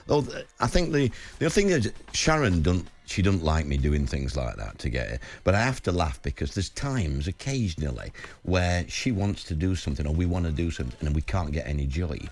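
A man's voice: low-pitched, very animated, a little fast, hardly any pauses. A man in his seventies with a Sheffield accent, chatting as a radio guest, rambling and telling anecdotes. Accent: Sheffield, Yorkshire. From England. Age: 70s. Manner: chatty and rambling, with dialect grammar. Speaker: football manager guest. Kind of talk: casual radio chat.

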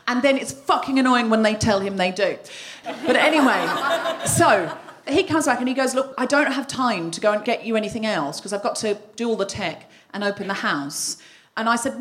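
Woman, comedy host, high voice, very lively pitch, live on stage. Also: normal speed. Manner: animated, breathless comic storytelling with shrieking acted-out quotes. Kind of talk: live stand-up storytelling. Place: live venue with audience laughter.

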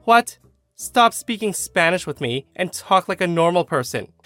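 A man voicing an entitled woman tourist who yells in shrill, indignant outbursts. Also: very animated, moderate pace, no room sound, faint music behind. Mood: indignant shrieking. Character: shrieking entitled woman tourist, middle-aged.

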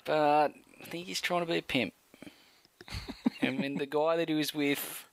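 An Australian man co-hosting a casual sports podcast, ranting and mocking in a loud, sweary, animated way. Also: fairly high pitch, measured pace, gravelly, no echo. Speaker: podcast co-host.

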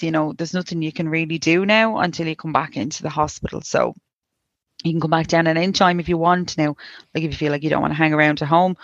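An Irish woman in her thirties speaks with a gravelly edge, halting and restarting as she recounts a painful story and quotes the people around her. The recording is close and dry, with a slightly dull, lo-fi tone. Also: low voice, no echo. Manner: halting, many restarts and likes, quoting others. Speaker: guest sharing a personal story. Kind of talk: emotional personal account.

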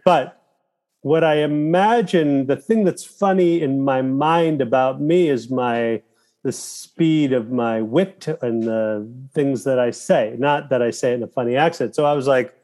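A man talking as a guest in a casual interview, telling animated stories with profanity and quoting his own thoughts aloud. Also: mid-range voice, unhurried. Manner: animated storytelling with profanity and quoted inner thoughts. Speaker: guest, filmmaker and actor.

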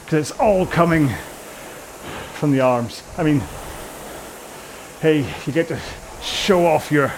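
A man's voice: on the high side, takes it slowly, long pauses, background noise. A British man coaching a rowing workout indoors, chatting in a rambling, self-mocking way with jokey asides. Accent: British English.

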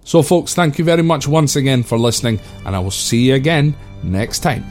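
A man's voice: medium pitch, expressive, brisk, a little mellow, soft background music. A man hosting a history podcast, talking casually and calling his listeners folks. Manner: chatty, addresses listeners as folks.

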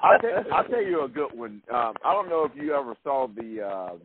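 A man's voice: medium pitch, very animated, fairly quick. A man joking in a casual podcast chat, profane, stumbling through restarts. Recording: phone-like lo-fi call audio.

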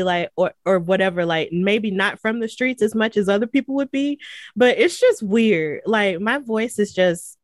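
A woman's voice: mid-range voice, no room sound. A young woman from Alabama with a Southern accent, chatting casually and filling her talk with "like" and "you know". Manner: chatty, many "like" fillers. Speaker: guest. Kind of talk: casual chat.

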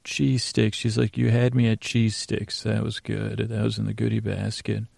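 A man hosting a sleep podcast, recapping a TV episode in a meandering, halting way with many pauses and self-corrections. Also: lowish voice, monotone, vocal fry, a little mellow, no echo. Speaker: podcast host.

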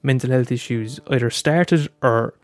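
A young Irish man hosting his own podcast in a relaxed, open way, swearing often and tripping into stammered restarts. His voice sits in a middle pitch, recorded dry and close with no room sound. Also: measured pace, dry recording. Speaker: podcast host. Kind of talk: casual solo podcast talk.

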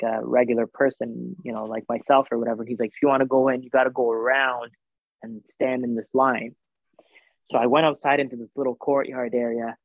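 A man telling a story in casual chat, animated, acting out the voices of the people in it, with lots of fillers. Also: mid-range voice, no room sound. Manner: animated, acts out quoted voices, filler-heavy. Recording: tinny phone-like sound.

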